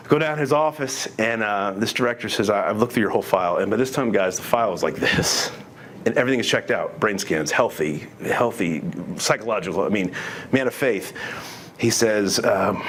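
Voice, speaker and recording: His voice is on the low side yet fairly bright, quick, and lively in intonation, with a touch of hiss or hum. A middle-aged man, he tells an audience his testimony in an earnest, conversational way, restarting often and quoting dialogue.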